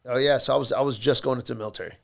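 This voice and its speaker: Gravelly-voiced man chatting casually. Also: mid-range voice, steady tone, rapid-fire. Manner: rambling, profane, joking. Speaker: podcast guest. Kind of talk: casual podcast chat. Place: podcast studio.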